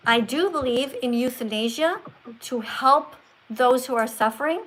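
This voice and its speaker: Teacherly woman coaching slow, stressed reading. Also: high voice, a crowd in the background, rough recording. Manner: teacherly, slows down to stress words. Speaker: livestream host. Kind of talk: casual livestream chat, coaching a caller.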